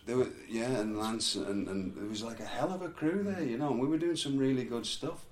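A man's voice: mid-range voice, a little fast, a little mellow. Man, casual storytelling, echoey room, faint noise. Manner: rambling, laughs through his stories.

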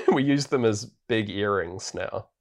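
A man's voice: fairly low pitch, lively intonation, slow pace. A man co-hosting a podcast, recapping a movie in casual chat, full of fillers and frequent laughter. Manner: rambling, laughs often, many fillers. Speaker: podcast co-host. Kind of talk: casual film-review chat.

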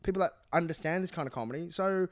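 A young adult man, a stand-up comedian, chatting casually as a guest in an interview, talking quickly with lots of restarts. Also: on the high side. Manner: fast, animated, many restarts and "like"s.

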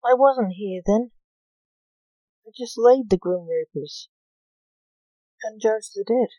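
A woman's voice: on the high side, animated, moderate pace, no room sound, muffled recording. A woman reading the lines of a grumpy, put-upon man who is Death in human form, snapping and moaning at the people around him. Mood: irritable.

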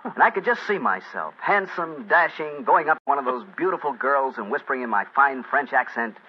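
A man's voice: medium pitch, lively intonation, brisk, slight background noise. A man reading a breezy, jovial announcement and ad on a 1940s radio show, in a salesman-like way. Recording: dull lo-fi 1940s radio recording.

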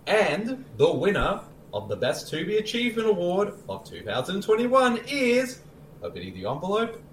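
A man's voice: sits high, wildly swooping pitch, normal speed, echoey room, a little hiss or hum. A man co-hosting a casual podcast, announcing mock awards in a playful, ceremonial way and swearing for laughs. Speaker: podcast co-host.

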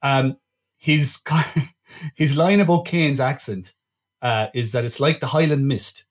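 A man's voice: medium pitch, slow. Chatty man hosting a film podcast. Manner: wry, chatty, full of restarts. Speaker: podcast host. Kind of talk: casual film-review chat.

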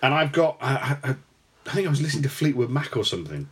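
A man's voice: medium pitch, big pitch swings, quick pace, husky. An English man co-hosting a podcast, telling a rambling story in casual chat with many restarts and laughs. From England. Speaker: podcast co-host.

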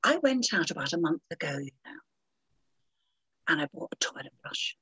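An older woman telling lively anecdotes as an interview guest, theatrical and calling people dear and my love. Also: low-pitched, moderate pace, breathy edge.

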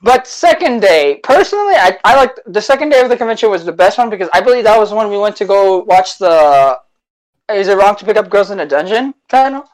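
A man co-hosting a podcast, telling stories in casual chat with a relaxed, self-deprecating manner. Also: sits high, brisk, rough recording. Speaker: podcast co-host.

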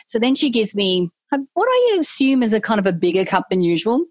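A woman's voice: medium pitch, big pitch swings, fast, few pauses, no room sound. A middle-aged woman, a guest telling a candid personal story in a casual interview and acting out her own inner voice.

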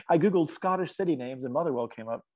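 A man's voice: fairly high pitch, lively intonation, fairly quick, darkish tone, dry recording. A man, a musician guest on an interview podcast, talking in an earnest, chatty way and laughing often. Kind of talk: casual interview chat.

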